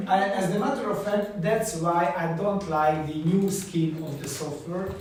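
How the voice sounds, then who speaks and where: Halting male instructor in echoey classroom. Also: high voice, darkish tone, recorded from a distance, slight background noise. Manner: halting, many fillers and restarts. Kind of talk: hands-on software class.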